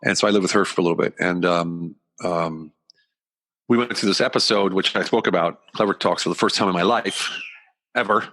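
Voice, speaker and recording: A man with a very low, deep voice speaks as a podcast guest. He tells a personal story candidly and earnestly. His sentences ramble and he often restarts them mid-thought. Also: fairly quick, a bit bright. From United States.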